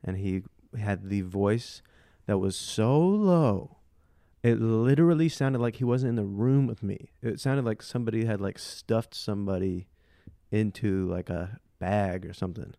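A man's voice: lowish voice, unhurried, gravelly, warm tone, no room sound, studio quality. A young man co-hosting a podcast, telling a story in a playful, teasing casual chat. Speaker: podcast co-host.

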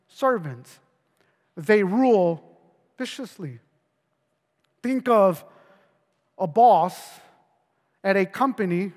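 A man preaching a sermon as a pastor, earnest, stumbling over repeated words and dropping his voice low for emphasis. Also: big-room sound.

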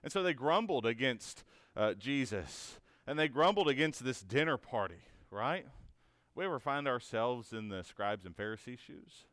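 Smooth-voiced man teaching a Bible lesson. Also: mid-range voice, animated, moderate pace, fairly bright tone, no room sound, clean studio sound. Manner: asks rhetorical questions, often tagged with "right?"; earnest and encouraging.

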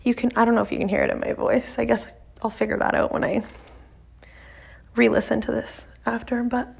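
A woman's voice: on the high side, little pitch movement, fairly quick, vocal fry, a little mellow, breathy edge. A young woman hosting her own podcast alone, talking casually and nervously into her mic, rambling with lots of fillers and the odd swear. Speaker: podcast host. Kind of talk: casual solo podcast monologue.

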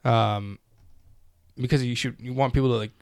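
A man co-hosting a casual podcast, talking in a loose, animated ramble that is packed with swearing. His voice sits at an ordinary middle pitch, and the recording is dry and close. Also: moderate pace, creaky, clean tone, no room sound. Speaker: podcast co-host.

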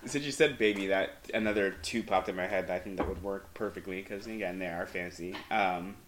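Low-voiced man in an echoey room. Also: brisk, background noise. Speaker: podcast guest. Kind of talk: casual chat.

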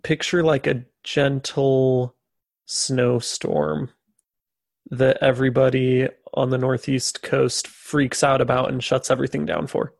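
A man's voice: mid-range voice, flat delivery, takes it slowly, gravelly, no echo. A man co-hosting a podcast, retelling a story in casual chat with jokey, sarcastic asides. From USA. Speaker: podcast co-host.

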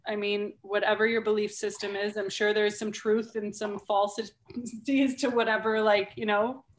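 A woman's voice: medium pitch, little pitch movement, moderate pace, reverberant. A woman speaking bluntly in a casual podcast conversation, swearing freely and laughing often. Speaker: guest, founder of a mothers' group.

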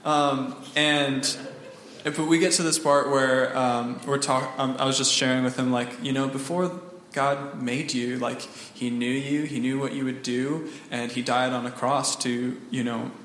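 A man's voice: mid-range voice, level tone, a bit bright, reverberant, in a large hall, slight background noise. A man telling a casual testimony story from a mission trip, full of fillers and restarts. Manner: halting, lots of fillers and restarts, laughs often. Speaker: church member sharing a mission trip story. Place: church hall.

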